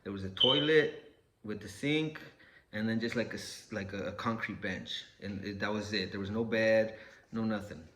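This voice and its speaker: A man's voice: lowish voice, normal speed, fairly bright tone. A man telling a personal story casually, cursing often and acting out what people said. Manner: profane, laid-back, acts out quotes.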